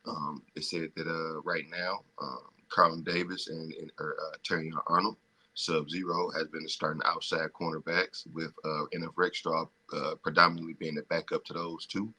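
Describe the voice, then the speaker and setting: A man co-hosts a casual sports podcast in an extremely low voice. His tone is bright and forceful, and he talks haltingly, stopping often to find his next words. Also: level tone. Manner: halting, with many ums and restarts. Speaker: podcast co-host.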